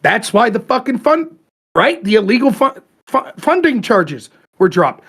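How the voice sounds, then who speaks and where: A man's voice: extremely high pitch, sing-song, measured pace, fairly bright tone, husky. A man hosting a podcast, ranting animatedly about politics in casual, profane talk. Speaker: podcast host.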